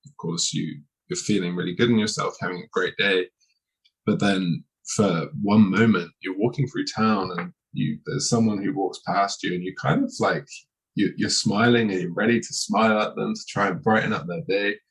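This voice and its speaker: Husky low-voiced male host. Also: steady tone, moderate pace, low-quality recording. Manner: enthusiastic, rambling, agreeable. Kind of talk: podcast conversation.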